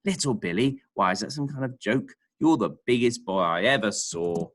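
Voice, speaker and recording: A man's voice: lowish voice, expressive, normal speed, fairly bright tone, voice pushed up. A man voicing a polite, quirky little male Minpin, in a quaint, exclaiming way. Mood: quaint, jolly.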